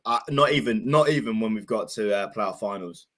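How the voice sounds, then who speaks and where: A man's voice: fairly low pitch, fairly quick, fairly bright tone, a little hiss or hum. A young man, co-hosting a football chat show, teasing his partner and calling him mate. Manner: teasing, says "mate" often. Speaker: co-host. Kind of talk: casual banter chat.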